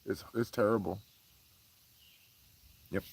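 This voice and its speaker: A man around forty, talking in a casual, heated monologue as the host, full of profanity and swinging between low mutters and raised outbursts. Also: steady tone, takes it slowly, vocal fry, a little mellow, husky, no echo. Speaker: podcast host.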